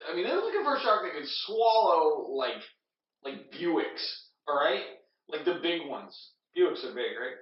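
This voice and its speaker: A man's voice: on the high side, big pitch swings, measured pace. A drunk man retelling a film as a comedy bit, rambling and swearing, with lots of filler words. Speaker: storyteller. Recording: echoey room, distant mic, dull sound.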